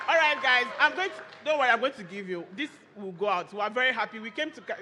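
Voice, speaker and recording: A Nigerian woman, a lawyer and firm co-founder, giving a lively, chatty conference talk and teasing the audience. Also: a little high, a little fast, few pauses, a crowd in the background, noisy background. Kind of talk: conference presentation with audience interaction.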